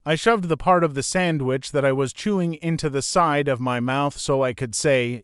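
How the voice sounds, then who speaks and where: A man reading a novel aloud as audiobook narrator, in a plain, steady first-person storytelling manner. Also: on the high side, normal speed, hardly any pauses, clear, resonant tone, dry recording, clean studio sound.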